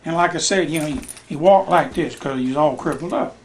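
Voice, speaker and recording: During a home visit, an older Southern man shares folksy stories of coaching youth baseball in his living room, acting out voices as he goes. His pitch is fairly high, his pace fairly quick, and there's slight background noise.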